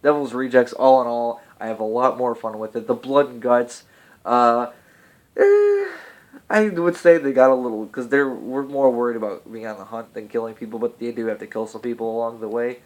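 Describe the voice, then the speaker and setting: A man's voice: medium pitch, lively intonation, moderate pace, darkish tone. A man giving a casual movie review, chatty, laughing often and swearing freely.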